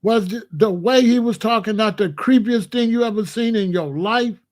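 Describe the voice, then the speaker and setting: A man's voice: sits high, normal speed, darkish tone. A man hosting a live reaction stream, talking casually to his chat, repeating himself and tossing questions to the audience. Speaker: commentary channel host.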